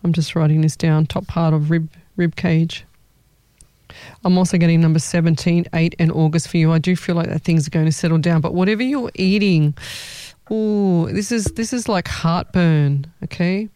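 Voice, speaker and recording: A psychic medium talks through a live reading in a loose, chatty way, circling back and restarting phrases as impressions come. The voice is mellow and warm. It sounds close and dry, with no room around it. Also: mid-range voice, fairly even intonation, normal speed, clear, resonant tone, dry recording. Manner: chatty, rambling, restarts sentences.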